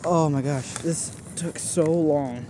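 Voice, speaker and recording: A man vlogging from a kayak while fishing, exclaiming and talking excitedly to his viewers, short of breath. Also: fairly high pitch, takes it slowly. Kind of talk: excited outdoor commentary. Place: on a kayak on open water. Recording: noisy outdoor recording.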